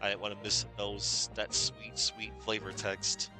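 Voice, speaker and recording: A man streaming a video game, making relaxed, playful asides, with game music behind. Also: lowish voice, measured pace. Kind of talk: casual game commentary.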